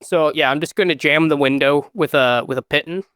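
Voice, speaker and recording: A man playing a tabletop game, describing his plans eagerly and in a rambling way. His voice is slightly high for a man, with a smooth, clear tone that sounds dry and close. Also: fairly quick, fairly bright tone, no echo. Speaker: player. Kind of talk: casual tabletop play.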